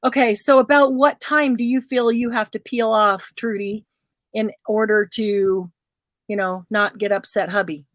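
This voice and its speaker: A woman's voice: medium pitch, steady tone, a little slow, a bit bright, dry recording. A woman hosting a casual craft livestream, chatting with viewers and calling them by name.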